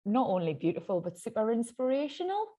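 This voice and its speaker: A woman's voice: on the high side, sing-song, a little fast, dark tone. A woman in her thirties with a Geordie accent, hosting a podcast in casual, chatty talk full of fillers and the odd swear. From Newcastle, England. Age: 30s. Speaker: podcast host. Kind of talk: casual chat.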